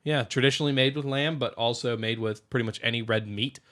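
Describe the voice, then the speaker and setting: A man with a bright, forceful voice chats casually on a podcast. He reads out food trivia, tripping now and then on words. His pitch sits in an ordinary middle range. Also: fast. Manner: reads out trivia with small stumbles. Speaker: podcast co-host. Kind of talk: casual chat.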